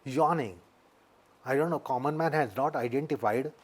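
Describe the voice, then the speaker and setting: A yoga teacher with an Indian English accent speaks in a mid-range voice during an interview. He explains things deliberately and keeps coming back to his main points.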